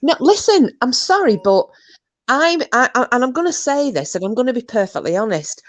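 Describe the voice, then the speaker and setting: Woman, brash storyteller, lively swooping voice, dry close mic. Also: sits high, a little fast, no room sound. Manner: animated, swearing, shrieking when acting out herself. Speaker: co-host. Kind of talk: casual storytelling chat.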